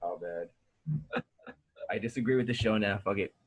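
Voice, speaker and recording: A man's voice: fairly low pitch, a little slow, husky. A young man with a Southern Californian accent, a podcast guest, talking in a laid-back, slangy way and swearing casually. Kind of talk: casual conversation.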